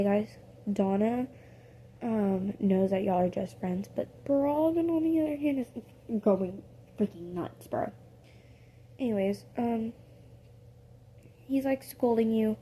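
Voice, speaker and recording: A woman telling an improvised story in a casual, rambling way. She fills it with fillers, corrects herself mid-sentence and drops into soft whispered asides. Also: medium pitch, a little hiss or hum.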